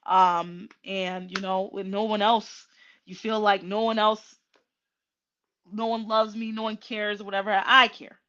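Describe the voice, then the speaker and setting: A woman host talking slowly and emotionally to her viewers, with many pauses, ums and restarts, near tears. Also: mid-range voice, little pitch movement, lo-fi sound. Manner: tearful and emotional. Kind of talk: casual heartfelt livestream talk.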